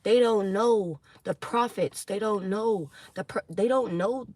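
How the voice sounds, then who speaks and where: A woman giving a tarot reading to her viewers, preaching intensely, swearing, and apologizing for getting loud. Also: medium pitch, a little slow, no echo. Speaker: tarot reader.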